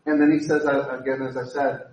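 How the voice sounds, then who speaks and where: A male pastor preaching a lively sermon, full of joking asides and repeated words. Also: mid-range voice, a little fast, far from the mic. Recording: echoey room, speaker away from mic.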